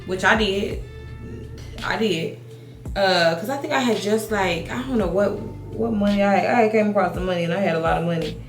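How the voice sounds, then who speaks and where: A woman in her thirties telling a casual storytime while doing her makeup, animated, swearing, restarting her sentences. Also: mid-range voice, a little fast, roomy sound, over music. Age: 30s. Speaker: beauty vlogger. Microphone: compact camera mic.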